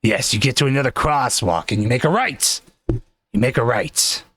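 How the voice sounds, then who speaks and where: A man voicing a touchy, grandiose male fortune teller, making slow, solemn pronouncements and snapping commands in a comedy bit. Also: mid-range voice, animated, a bit bright, dry recording, voice pushed down. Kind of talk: comedic improv character.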